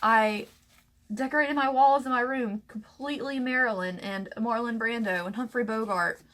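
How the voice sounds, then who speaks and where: A young woman from the American South telling a personal story to camera, emotional and halting, close to tears, with many fillers and restarts. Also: on the high side, steady tone, fairly bright tone. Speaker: vlogger.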